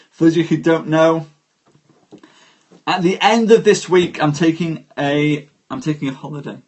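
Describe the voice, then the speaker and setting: A man hosting a live stream, reading poetry aloud and chatting with viewers, greeting them by name in an unhurried way. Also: a little high.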